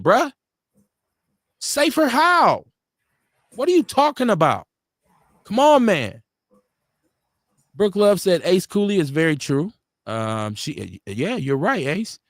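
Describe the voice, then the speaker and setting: A man's voice: very high voice, dry recording, studio quality. A middle-aged man from Milwaukee hosting a casual live-stream talk show, telling street stories with blunt, profane slang. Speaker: radio show host.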